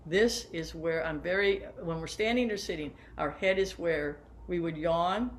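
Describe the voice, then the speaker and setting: Her voice is on the low side and measured in pace, with slight background noise, as this woman in her 70s, a band director, coaches from a chair. During the teachers' workshop she demonstrates while warmly guiding everyone through hands-on exercises.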